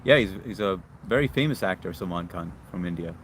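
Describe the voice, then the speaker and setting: A man's voice: sits low, animated, a little fast, a little hiss or hum. Laid-back man hosting a live stream outdoors. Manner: laid-back, chatty, reads viewer comments aloud. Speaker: live stream host reading chat. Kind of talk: casual live stream chat. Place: outdoors near a yard with brush.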